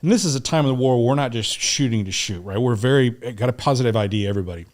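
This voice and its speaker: A man's voice: medium pitch, quick pace. A middle-aged American man telling a war story in a podcast interview, casual and profane, acting out what people said. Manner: animated, profane war storytelling, acts out quotes. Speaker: guest.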